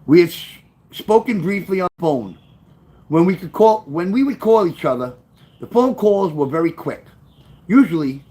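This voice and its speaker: A livestream host described as a profane "New" man reads from his memoir and tells stories in a casual, rambling way, swearing and reading chat comments aloud. Picked up by a webcam mic, his voice is a little high with a darkish tone.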